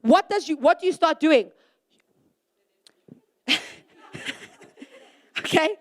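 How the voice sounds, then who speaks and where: High-voiced young woman preaching to youth. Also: slow pace. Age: young adult. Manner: animated, conversational, acts out little scenes; asks the audience rhetorical questions. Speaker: youth speaker. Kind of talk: youth sermon.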